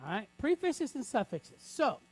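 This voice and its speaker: A man's voice: very high voice, sing-song, breathy edge. A man teaching a reading lesson, breaking words into sounds and checking in with the class after each step. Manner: patient, checks in with frequent "right?"; spells out sounds slowly, syllable by syllable.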